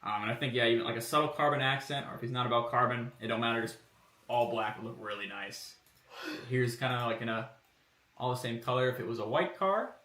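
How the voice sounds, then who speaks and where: Man, live-stream commentary, laid-back and rambling, crisp forceful tone, recorded a bit away from the mic. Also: mid-range voice, fast, roomy sound, recorded from a distance. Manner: relaxed, rambling, thinks aloud with fillers. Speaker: streamer showing car body kit designs. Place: home workshop room.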